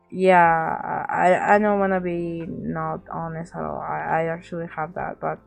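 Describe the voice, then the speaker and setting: Gravelly young woman with a Latin accent. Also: lowish voice. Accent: Latin American. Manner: rambling, repeats words, acts out quoted people. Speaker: vlogger. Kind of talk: casual storytime chat.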